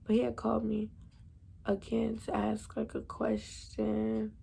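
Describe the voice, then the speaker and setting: A woman's voice: fairly high pitch, monotone, a little slow, creaky, dark tone, husky. A young woman, telling a storytime vlog to her viewers in a slangy, chatty way. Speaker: vlogger.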